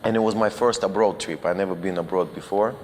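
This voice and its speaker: A man's voice: low-pitched, steady tone, fast, in a large hall, a little hiss or hum. A Russian man with a Russian accent, a guest cinematographer telling anecdotes casually, with loose non-native grammar, restarts and chuckles.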